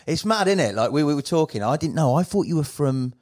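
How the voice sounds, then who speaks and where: A man's voice: fairly high pitch, big pitch swings, fast, darkish tone. A man hosting a podcast interview, chatting casually and calling his guest mate often. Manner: friendly, says mate a lot. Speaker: podcast host.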